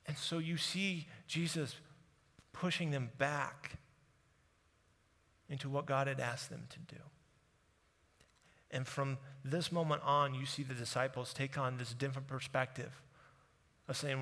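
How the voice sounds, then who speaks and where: Animated preacher man in a reverberant hall. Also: mid-range voice, measured pace, long pauses. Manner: animated storytelling, acting out quotes in casual voices. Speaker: pastor. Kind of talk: sermon.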